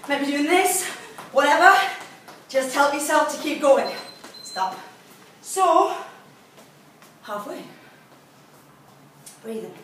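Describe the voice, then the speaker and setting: This fitness instructor is a woman whose high-pitched, slightly bright voice is animated, yet she takes things slowly with long pauses. Coaching a workout video, she offers encouraging cues while exercising and runs out of breath. The recording has heavy room echo, a distant mic, and faint noise.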